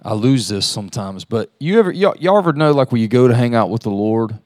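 A man's voice: mid-range voice, animated, brisk, darkish tone, no room sound, studio quality. A man speaking casually at a church meeting, hesitant and full of fillers.

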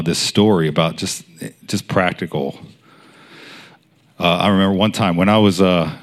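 A man in his thirties preaching a sermon in a casual, storytelling way, with many fillers. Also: low-pitched. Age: 30s.

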